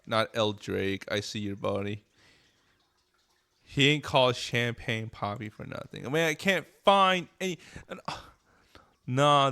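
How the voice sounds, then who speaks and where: A man's voice: medium pitch, fairly bright tone. Blunt, profane male streamer. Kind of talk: music reaction commentary.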